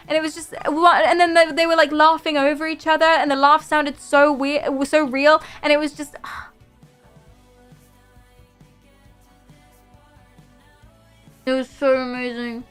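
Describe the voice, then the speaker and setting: Picture a young woman on a live stream, gushing and excitable as she chats with her viewers. Her voice sits fairly high, with faint music playing behind her. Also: slow, pauses often. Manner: gushing, excitable, talking to chat. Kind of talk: casual live-stream chat.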